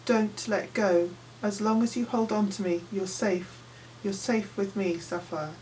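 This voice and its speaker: Woman reading as a calm sea boy, low and pushy, kinda far from the mic with light hiss. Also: unhurried, lightly acted. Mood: soothing. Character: calm young male sea-dweller, urgent and protective.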